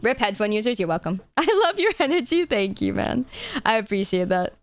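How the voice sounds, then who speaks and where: A woman's voice: medium pitch, very animated, a little fast, no echo. A young woman streamer chatting casually with her audience on a live stream, playful and jokey, swearing freely.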